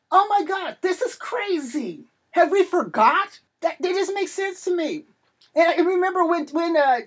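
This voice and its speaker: A middle-aged woman preaching an impassioned sermon, declaiming and shouting at times, then dropping softly into prayer. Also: very high-pitched.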